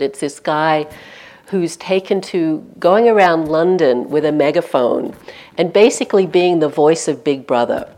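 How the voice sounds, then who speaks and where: At a retreat center, a woman meditation teacher with a low-sitting voice gives a conversational dharma talk. She says "you know" often and lets her voice drop softly on key points.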